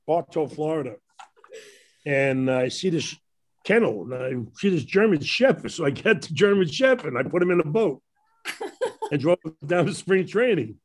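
An older man with a Brooklyn accent tells his stories in a loose, rambling way and breaks into laughter often. His voice sits a little high for a man. He speaks as a guest in casual conversation. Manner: rambling anecdotes with frequent laughter. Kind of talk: casual storytelling.

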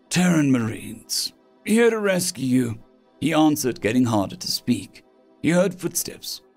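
A man's voice: mid-range voice, close to an everyday voice. A man voicing a weary, wounded male space marine corporal who speaks in short, clipped commands.

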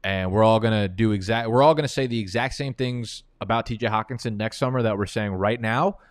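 Profane, excitable fantasy football host. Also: male voice, lowish voice, no room sound, studio quality. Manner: frustrated, profane ranting; fast, excitable talk. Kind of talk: live mock draft commentary.

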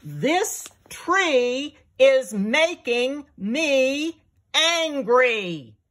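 A woman voicing an angry male lion, king of the jungle, loud and sarcastic in a storybook reading. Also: high voice, lively intonation, extremely slow, voice pushed up, full character voice.

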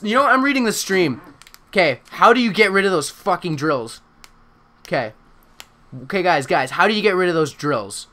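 A young man commentating his own game live while streaming, swearing often and panicking out loud. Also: high voice, lively intonation, normal speed. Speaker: gaming streamer.

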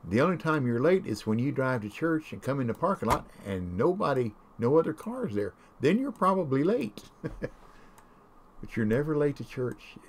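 A man chatting casually while streaming a game, telling folksy, rambling stories. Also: medium pitch. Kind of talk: casual chat while gaming.

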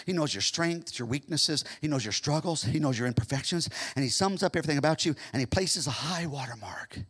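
Male American preacher, high and ringing, shouts the big lines and talks low in between. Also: lively intonation, a little fast, breathy edge. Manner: shouts his peaks, drops to quiet asides. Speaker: pastor. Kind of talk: sermon. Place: church sanctuary.

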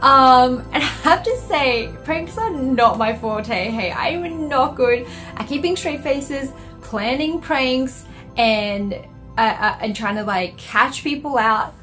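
Australian woman vlogger, slightly high voice, chatty and self-mocking, with music underneath. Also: expressive, slow, fairly bright tone. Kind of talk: casual vlog chat.

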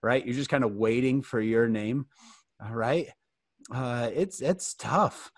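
A man in his forties at home, giving a humorous storytelling talk to teenagers, animated and joking, calling on listeners by name. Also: medium pitch, slow pace, dry recording, studio quality. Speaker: youth fireside speaker.

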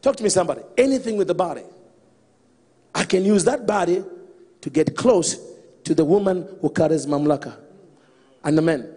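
A man preaching a sermon in an animated way, calling out to the congregation and acting out the figures in the story. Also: sits high, normal speed, pauses often, husky, in a large hall.

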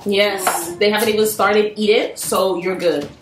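A woman's voice: mid-range voice, fairly even intonation, a little slow, distant mic. A woman, a daughter taking part in a casual family challenge video, eagerly urging the others on. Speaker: daughter and contestant. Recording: echoey room, off-mic, faint music.

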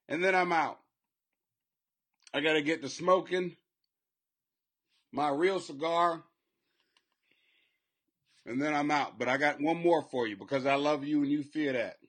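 A man hosting a podcast, riffing in crude, profane comedic commentary that rambles and swings in loudness. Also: fairly high pitch, measured pace, long pauses. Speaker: podcast host.

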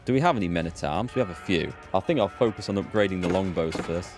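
A man with a low-pitched voice talks his way through a strategy game in a chatty, rambling manner. He thinks out loud and pokes fun at himself as he plays. Game music plays faintly in the background. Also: animated, quick pace. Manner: chatty, rambling, self-deprecating. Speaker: let's play host. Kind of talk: casual gameplay commentary.

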